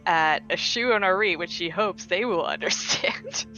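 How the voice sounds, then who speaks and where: A woman playing a tabletop game, narrating her character with quick, tentative asides. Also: on the low side, bright, forceful tone, soft background music. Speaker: player. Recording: dull lo-fi sound.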